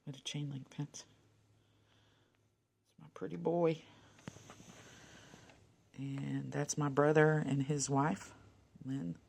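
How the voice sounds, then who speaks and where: A woman, chatting casually while leafing through old photos, rambling and muttering soft asides. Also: sits low, fairly even intonation, takes it slowly, gravelly, pauses often, slight background noise. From Texas. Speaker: vlogger. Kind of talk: casual reminiscing over a photo album.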